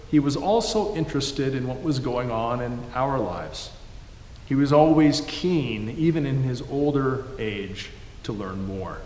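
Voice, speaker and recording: A man delivering a sermon in a measured storytelling manner. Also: medium pitch. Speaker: preacher. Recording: echoey hall, faint background noise.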